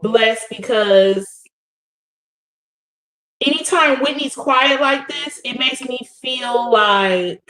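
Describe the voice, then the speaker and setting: A woman's voice: fairly high pitch, slow, long pauses, fairly bright tone. Woman, casual stream chat, talks to the audience, roomy echo. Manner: loose, talky, addresses the audience directly. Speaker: livestream co-host.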